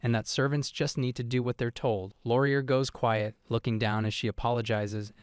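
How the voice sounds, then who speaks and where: A man giving a scripted comic story recap with a steady, casual delivery. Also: mid-range voice, normal speed, smooth, no echo, clean studio sound. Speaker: recap narrator.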